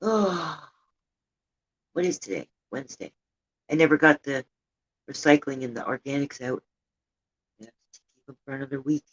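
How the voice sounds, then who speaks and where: A woman's voice: a bass voice, lively intonation, moderate pace, long pauses, husky, lo-fi sound. An older woman hosting a rambling, casual livestream chat from home, sometimes indignant. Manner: chatty, rambling, indignant about politics. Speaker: livestream host. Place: home room with a heater running.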